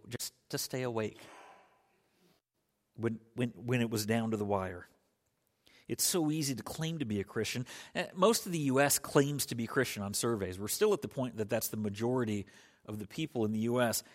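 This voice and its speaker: Man preaching in a reverberant hall. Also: fairly low pitch. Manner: earnest, with restarts and emphatic rises. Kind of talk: sermon.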